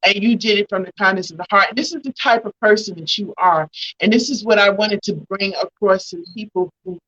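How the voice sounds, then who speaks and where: A woman's voice: mid-range voice, fairly quick, fairly bright tone, lo-fi sound. A woman hosting a talk show, speaking at length and with feeling as she thanks her guest. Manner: emotional, grateful, talks at length. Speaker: host.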